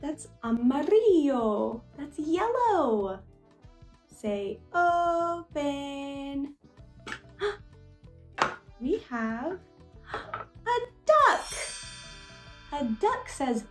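A woman with a high, bouncy voice teaches toddlers at a very slow, careful pace. She coaxes them with exaggerated gasps and repeats each word. The room is echoey and soft music plays underneath. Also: big pitch swings. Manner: exaggerated gasps and sing-song coaxing; slow, deliberate repetition for toddlers. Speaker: children's language teacher. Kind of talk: children's educational talk.

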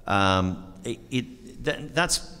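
A middle-aged man, a voice actor answering questions on a convention panel, self-deprecating and quick to laugh. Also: mid-range voice, animated, sharp tone, clear, resonant tone. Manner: self-deprecating, laughs often, acts out quoted remarks. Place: large convention hall. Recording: echoey hall.

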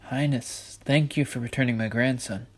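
A man's voice: medium pitch, steady tone, normal speed, slightly rough, lightly acted. A man voicing an ancient, dignified female gnome who speaks formally. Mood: grateful.

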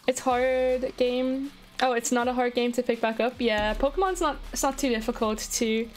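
A woman streaming a game live, excitable and chatty as she talks to her viewers. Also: on the high side, normal speed. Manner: excitable, chatty, talking to chat.

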